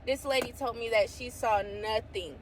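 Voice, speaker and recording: A faith vlogger with a somewhat high voice shares her testimony casually and excitedly at a moderate pace, bursting into exclamations and reading scripture aloud. A faint vehicle hum sits in the background.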